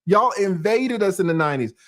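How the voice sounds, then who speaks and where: A man's voice: high voice, lively intonation, fairly quick, a bit bright. A man from Atlanta, hosting a casual, profane livestream commentary, often laughing. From Atlanta, USA. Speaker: YouTube commentary host.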